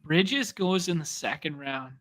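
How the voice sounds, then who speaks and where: A man co-hosting a fantasy sports show, talking eagerly and thinking out loud about draft picks. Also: fairly high pitch, expressive. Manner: eager, quick, thinks aloud. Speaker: fantasy sports podcast host. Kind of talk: casual chat.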